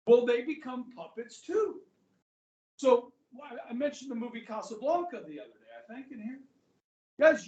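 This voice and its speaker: A man with a high voice lectures a history class in a loose, conversational way, dropping "okay" and "guys" along the way. He's far from the mic, and the echoey classroom carries his voice.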